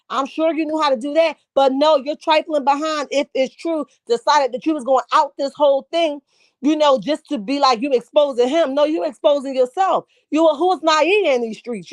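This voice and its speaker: A woman's voice: sits high, no echo. Sassy woman hosting a chatty livestream. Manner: sassy, reads viewer comments aloud and reacts. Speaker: livestream host. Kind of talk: casual live-chat commentary.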